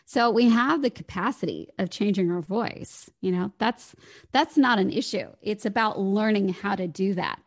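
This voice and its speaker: A woman's voice: medium pitch, normal speed, dry recording. Articulate woman voice coach, dry sound. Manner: articulate, flowing explanation. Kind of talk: podcast interview conversation.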